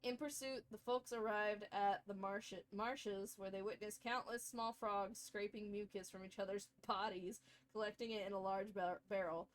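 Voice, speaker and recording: A woman's voice: mid-range voice, fairly even intonation, moderate pace. A woman streamer at home at her computer, reading game lore aloud and chatting, often stumbling over words and giggling.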